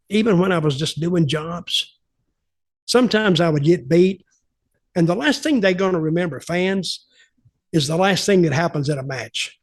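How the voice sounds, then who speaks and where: A man's voice: on the high side, dry recording. An older man, telling wrestling stories on a podcast and acting out other people's lines. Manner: animated, acts out quotes of others. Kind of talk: casual storytelling.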